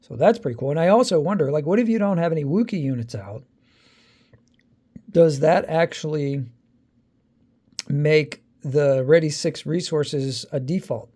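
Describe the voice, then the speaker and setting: A man's voice: on the high side, moderate pace, pauses often. A man hosting a card-unboxing video, talking casually and thinking aloud with lots of fillers. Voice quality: gravelly, dark voice. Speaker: card-opening channel host.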